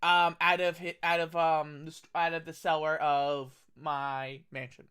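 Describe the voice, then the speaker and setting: A man's voice: on the high side, flat delivery, a little slow, sharp tone, smooth. A man playing in a tabletop game, talking in character in a rambling way, often restarting his sentences. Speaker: player.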